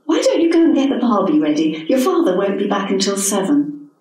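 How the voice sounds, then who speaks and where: A woman's voice: medium pitch, big pitch swings, brisk, a little mellow, close to an everyday voice. A harried, impatient middle-aged mother, read by an older English woman snaps short, clipped lines. The voice comes from far off the mic in an echoey hall.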